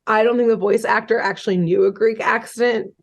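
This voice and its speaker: A woman's voice: fairly high pitch, fairly even intonation, a little fast, gravelly. A woman podcast host casually retelling a cartoon episode, chatty and loose, with lots of "um" and "like" and the odd swear word. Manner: chatty, swearing, many fillers like "um" and "like".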